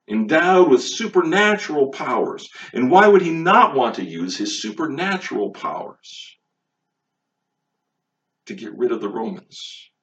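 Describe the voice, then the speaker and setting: A man preaching a sermon, emphatic and full of rhetorical questions, recorded on a distant mic with a dull, lo-fi sound. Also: medium pitch. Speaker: pastor.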